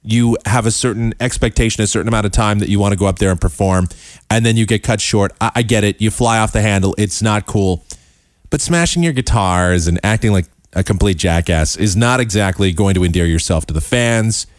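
A man hosting a talk show, giving casual, sarcastic commentary with quick asides. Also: lowish voice, no room sound, clean studio sound. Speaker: show host.

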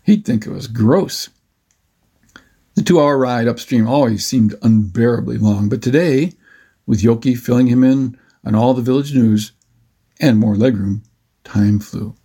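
A man narrating a children's adventure story with a steady, expressive reading. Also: medium pitch, breathy edge.

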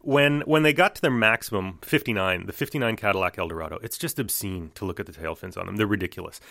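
A man's voice: fairly low pitch, fast, gravelly, sharp tone, no echo, studio quality. A man, a firefighter guest on a podcast, chatting and explaining things in detail. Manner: explains in detail with hand gestures. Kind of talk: casual podcast chat.

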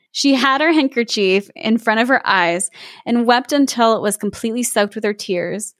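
A woman host reading a fairy tale aloud in an expressive, animated way. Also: fairly high pitch, dry recording, studio quality. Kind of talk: storybook reading with casual chat.

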